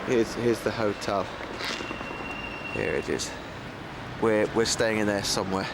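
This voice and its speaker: A man's voice: on the low side, measured pace, heavy background noise. A man filming his own holiday video diary, keeping up a wry, sarcastic running commentary from behind the camera. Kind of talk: casual camcorder video diary narration. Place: bus, hotel room and streets on a trip. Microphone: built-in camcorder mic, behind the camera.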